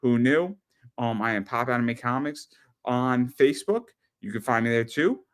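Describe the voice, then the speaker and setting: A man hosting a casual podcast chat, rambling and animated, often repeating words as he tells stories. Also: mid-range voice, normal speed. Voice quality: rambling, animated storyteller with frequent stammered repeats. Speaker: podcast host.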